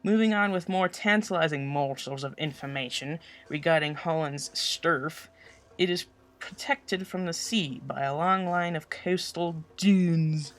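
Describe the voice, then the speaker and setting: A teenage boy delivers a school presentation voice-over, tossing out sarcastic, mocking jokes between facts. His voice is bright and a little high for a young man. Soft music runs faintly behind him. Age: teens. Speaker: student presenter.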